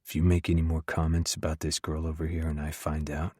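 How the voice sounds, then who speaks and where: A man voicing a towering alpha werewolf, easygoing yet assertive and quietly threatening, in an audiobook. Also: deep voice, normal speed, no echo, studio quality, close to an everyday voice. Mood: low threat. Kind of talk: audiobook character voice.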